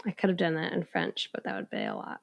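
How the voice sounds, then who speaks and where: A woman in her thirties co-hosting a podcast, upbeat and quick to laugh as she chats. Her voice often drops into a gravelly vocal fry. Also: lowish voice, sing-song, dull audio. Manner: upbeat, giggly. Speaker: podcast co-host. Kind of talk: casual chat.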